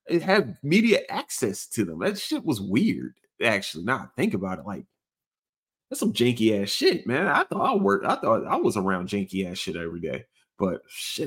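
A man hosting a casual sports podcast, rambling and swearing, jumping into sudden high excited outbursts. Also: moderate pace, husky. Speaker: podcast host.

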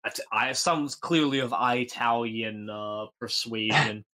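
A man's voice: medium pitch, measured pace, bright, forceful tone. A young man co-hosting a podcast, rambling through a comic story with lots of fillers. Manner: rambling, filler-heavy, puts on voices in anecdotes. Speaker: podcast co-host. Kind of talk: casual comedic storytelling.

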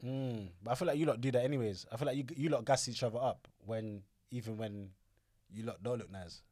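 A man's voice: mid-range voice, brisk, mellow, no echo, studio quality. A man co-hosting a casual podcast. He chats in a teasing, laid-back way, full of slang. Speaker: podcast co-host. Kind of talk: casual chat.

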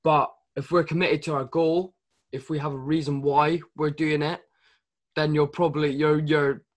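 A man's voice: on the high side, flat delivery, normal speed. A man co-hosting a casual fitness podcast, earnest and agreeable, giving tough-love advice.

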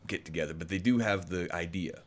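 A man co-hosting a podcast, talking casually in an earnest, informative way with some halting. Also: low-pitched. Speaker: podcast co-host. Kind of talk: casual chat.

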